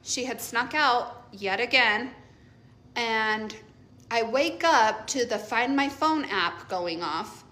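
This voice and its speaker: A woman's voice: fairly high pitch, lively intonation, slow pace, pushed and bright. A middle-aged woman, a mother, telling a casual storytime about her teenage daughter, blunt and offhand, laughing often.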